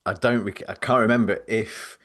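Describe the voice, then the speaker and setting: A man's voice: on the low side, fairly even intonation, moderate pace, a bit bright. A man hosting a podcast, telling stories in a rambling, self-deprecating way and laughing easily. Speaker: podcast host. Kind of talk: casual storytelling chat.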